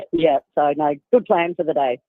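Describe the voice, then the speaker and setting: A woman's voice: sits low, dry recording. A woman from Australia with an Australian accent, calling in to a show and chatting casually, laughing often. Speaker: caller. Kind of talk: casual phone call. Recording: tinny phone line.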